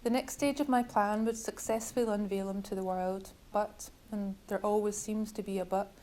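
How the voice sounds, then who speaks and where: A woman author reading from her own novel at a bookshop event, measured and wryly literary. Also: medium pitch, fairly even intonation, a little mellow, poor audio.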